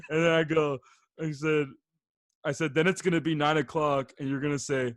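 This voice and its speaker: A young man hosting a podcast, telling a story with laughter and reading text messages aloud in a flat, mocking voice. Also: fairly high pitch, moderate pace, pauses often, dry recording, studio quality. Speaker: podcast host. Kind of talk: casual chat.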